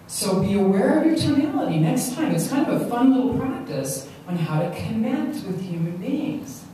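A woman gives an animated motivational talk, often repeating herself. Her voice is mellow and sits at a middle pitch. It comes from a distance in a very echoey hall, with faint noise behind. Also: normal speed, few pauses. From Long Island, New York. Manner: animated, repeats words, acts out quotes. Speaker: stress management speaker.

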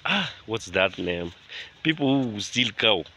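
A man vlogging outdoors on his rural land, talking to viewers in an animated, indignant way and often repeating himself. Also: on the low side, slow pace, slight background noise. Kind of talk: casual vlog talk to viewers.

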